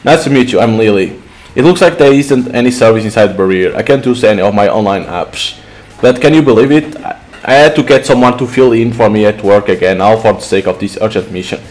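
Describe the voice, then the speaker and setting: A man's voice: fairly low pitch, brisk, darkish tone, lightly acted, low-quality recording. A man reading the lines of a chatty, frazzled young woman who complains about her luck. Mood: complaining.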